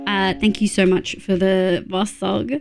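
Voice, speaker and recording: A young Australian woman chatting casually while live-streaming a game, excitable and swearing freely. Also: mid-range voice, a little slow, creaky, soft background music.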